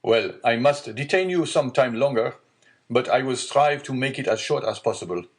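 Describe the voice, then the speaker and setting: A man's voice: mid-range voice, animated, normal speed, pitched above the performer's own voice, close to an everyday voice. A man reading a stern, shaken magistrate. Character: stern male magistrate, secretly panicked.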